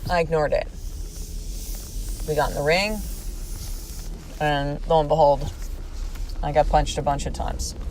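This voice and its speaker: A woman's voice: sits low, a little hiss or hum. A woman in her forties hosting a podcast, telling a personal story in a candid, emphatic way and swearing freely. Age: 40s. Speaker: podcast host.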